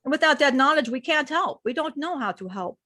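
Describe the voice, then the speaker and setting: Woman channeler, fairly high voice, speaks as a male being in slow, repeating storytelling. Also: animated, pushed and bright, dry recording, clean studio sound. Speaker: spiritual channeler.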